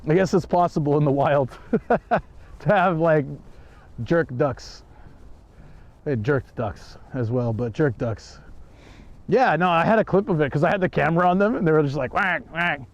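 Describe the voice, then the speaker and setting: A man's voice: fairly high pitch, expressive, fairly quick, lo-fi sound. A man telling a rambling story on a live stream while he walks through a park, chuckling often. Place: outdoors in a park.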